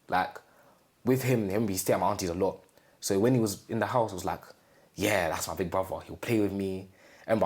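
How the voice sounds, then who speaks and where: Low-voiced young man telling his story. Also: darkish tone. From England. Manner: halting, repeats phrases, acts out quoted family speech. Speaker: interviewee. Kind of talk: casual personal storytelling.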